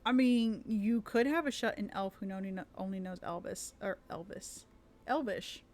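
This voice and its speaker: A woman's voice: medium pitch, moderate pace, darkish tone. A woman who runs tabletop games, chatting casually on a live stream, rambling with many fillers and restarts. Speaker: streamer and dungeon master.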